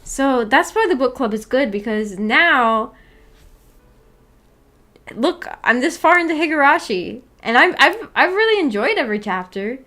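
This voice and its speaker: A woman's voice: high voice, sing-song, a little slow, bright, forceful tone. A young woman hosting a casual live-stream book club, chatty and giggly, often restarting her sentences.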